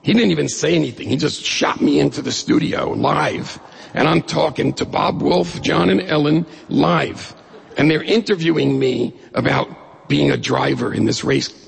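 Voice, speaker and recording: Middle-aged male storyteller, very husky and animated, in a reverberant hall. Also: a little high, normal speed. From New York State. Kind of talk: personal story told to an audience.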